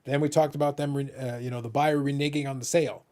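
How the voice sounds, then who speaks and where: A man's voice: mid-range voice, steady tone, fast, a little mellow. A man hosting a casual podcast chat, talking in a laid-back way with wry joking asides. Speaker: podcast host.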